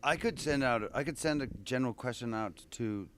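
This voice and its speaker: A man thinking aloud in an interview, halting and restarting as he muses about voices. His pitch sits in the middle of the usual range for a man. The delivery is relaxed and unhurried. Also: slight background noise. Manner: musing, halting, restarts often. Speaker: voice actor guest. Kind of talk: convention interview chat.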